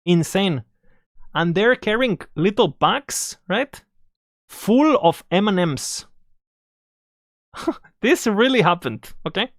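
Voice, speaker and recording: Swearing, animated storytime vlogger. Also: mid-range voice, slow pace, long pauses, no room sound, studio quality. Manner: animated, swearing, self-interrupting with asides to viewers. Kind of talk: casual storytime.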